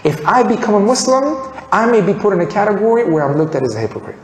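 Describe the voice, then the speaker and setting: A man's voice: high-pitched, big pitch swings, fast talker, a little hiss or hum. A man from Colombia telling his story of becoming a Muslim, acting out the dialogue as he goes. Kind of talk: personal testimony. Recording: echoey room with long reverb.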